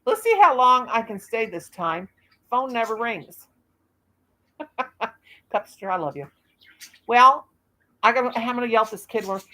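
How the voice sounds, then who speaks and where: A woman's voice: fairly high pitch, very animated, measured pace, long pauses, sharp tone. A woman in her fifties hosting a casual live stream, rambling in a folksy way and laughing at herself. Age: 50s.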